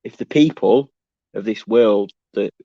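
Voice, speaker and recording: A man's voice: on the low side, unhurried, dark tone, dry recording. Rambling man on a dull lo-fi stream. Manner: rambling, restarts sentences often. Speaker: live streamer answering chat. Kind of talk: casual live-stream monologue. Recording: dull, dry lo-fi sound.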